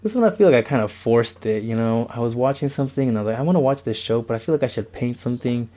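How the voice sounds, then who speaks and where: A young man gives a rambling, self-mocking tour of his bedroom walls for a casual vlog, recorded through a camera mic. His medium-pitched voice is warm and lively, and he talks fast.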